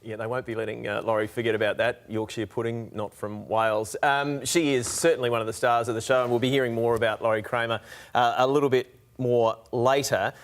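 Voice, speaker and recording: A man leading live rugby coverage in a steady, conversational way. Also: medium pitch, fairly quick, soft background music. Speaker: lead commentator. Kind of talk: sports commentary.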